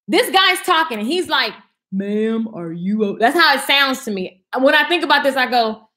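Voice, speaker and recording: A woman with a high, bright voice tells a story to a live audience. She talks casually and dramatically, dropping to a hush and then jumping up loud. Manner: animated, dramatic, swings from hushed to loud. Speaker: speaker telling a personal story.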